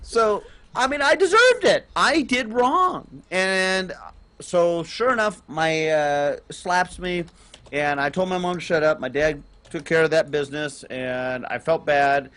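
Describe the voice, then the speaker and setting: A middle-aged man, telling a long personal story on a casual gaming podcast, rambling with restarts and getting loud on key points. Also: on the high side, unhurried. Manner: animated, rambling with restarts, rises loud on emphasis. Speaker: podcast co-host and parent.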